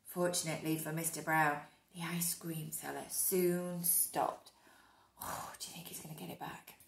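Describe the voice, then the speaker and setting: A woman reading a picture book aloud to children, animated, with hushed whispered asides to her young listeners. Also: sits low, normal speed, creaky. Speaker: storyteller. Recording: echoey room.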